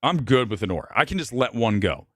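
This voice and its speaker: A man's voice: big pitch swings, quick pace, dry recording, clean studio sound. Blunt opinionated man hosting a movie chat. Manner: blunt, opinionated, swings between loud outbursts and low mutters. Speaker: film talk show host. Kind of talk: live movie review chat.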